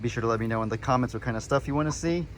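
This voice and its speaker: A laid-back man talks easily to his viewers, pitch sitting in a middle range. He is outdoors, with faint background noise under his voice. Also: rapid-fire. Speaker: farm vlogger. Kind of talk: casual vlog chat. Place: outdoors on a farm.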